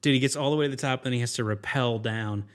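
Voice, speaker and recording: Podcast co-host, male, rapid and excited, retells movie scenes with gusto. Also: medium pitch. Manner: enthusiastic, says "dude" and "freaking" a lot, acts out scenes in quick voices. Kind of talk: casual movie chat.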